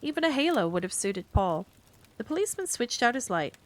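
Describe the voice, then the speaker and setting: A woman streamer reading a book aloud in a gentle, calm storytelling manner for a cozy bedtime stream. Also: on the high side, brisk.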